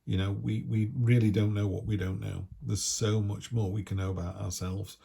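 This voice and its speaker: Male tarot reader from the United Kingdom, gravelly and husky, chatty with playful asides. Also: on the low side, level tone, normal speed, mellow. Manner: chatty, jokey, acts out little voices. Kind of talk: casual tarot reading.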